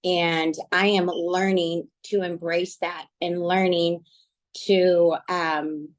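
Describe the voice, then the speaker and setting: A middle-aged woman sharing earnest, reflective thoughts in a casual book club discussion, with many pauses and fillers. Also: on the low side, level tone. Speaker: book club team member. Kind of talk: casual online group discussion.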